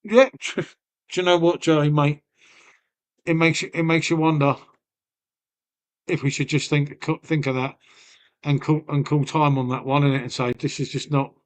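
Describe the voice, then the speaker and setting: Chatty Lincolnshire streamer, high-pitched voice. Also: male voice, steady tone, normal speed, pauses often. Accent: Lincolnshire English. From Lincolnshire, England. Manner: banters with chat, swears freely, trails off; folksy, peppered with "mate" and "innit". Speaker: live streamer. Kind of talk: casual live-stream chat.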